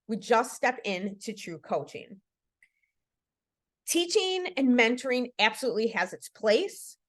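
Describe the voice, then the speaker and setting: A woman in her thirties with a somewhat high voice, hosting a podcast. She talks earnestly and casually as a coach, peppering her points with fillers and tag questions. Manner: earnest, conversational, lots of "like" and "right?". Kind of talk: casual faith-based podcast talk.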